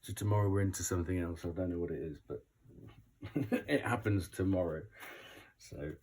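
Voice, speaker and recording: A British man with a croaky voice, rambling and chuckling as he gives a casual oracle card reading. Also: low-pitched, moderate pace, darkish tone. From Britain. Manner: rambling, chuckling between thoughts.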